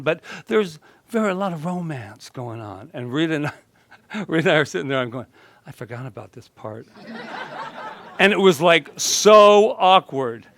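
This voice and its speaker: A male minister giving a casual, joking sermon and chatting with his congregation. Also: mid-range voice. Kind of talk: conversational sermon.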